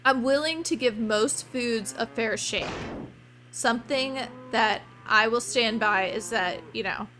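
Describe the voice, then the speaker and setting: A woman streamer giving chatty, excitable let's play commentary full of rambling asides. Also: a little high, unhurried, slight background noise.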